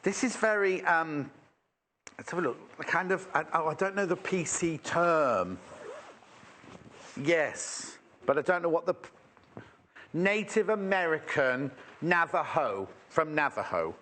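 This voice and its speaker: A man's voice: on the high side, lively intonation, unhurried, pauses often, fairly bright tone. A man presenting fabrics live on a shopping channel, chatty and rambling as he exclaims over each one. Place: TV shopping studio.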